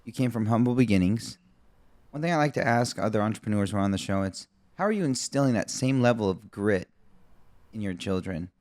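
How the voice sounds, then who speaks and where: A man hosting a podcast who asks his guest questions in a relaxed, conversational way. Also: fairly low pitch, a little fast, no room sound, studio quality. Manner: conversational, short affirmations. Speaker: podcast host. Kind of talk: casual interview.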